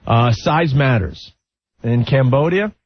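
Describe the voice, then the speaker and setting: A man's voice: mid-range voice, expressive, slow, no room sound. A man hosting a talk radio show, bantering in a joking, boastful way. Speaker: radio host. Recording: dull lo-fi radio recording.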